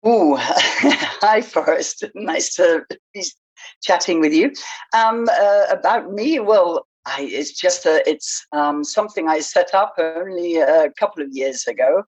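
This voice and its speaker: A woman guest speaks in a studio interview with a low voice. She talks slowly and unhurriedly, pausing often with ums as she gathers her thoughts. Her manner stays hesitant. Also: slightly rough, highs cut off. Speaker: guest, small-business founder. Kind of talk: interview conversation.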